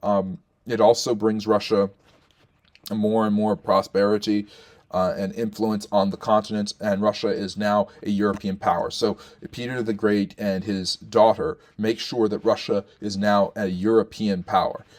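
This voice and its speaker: A man's voice: fairly low pitch, flat delivery, moderate pace, darkish tone. A man talking as a historian, explaining and ranking rulers off the cuff, with many fillers and restarts as he thinks aloud. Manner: thinking aloud with frequent fillers and self-corrections.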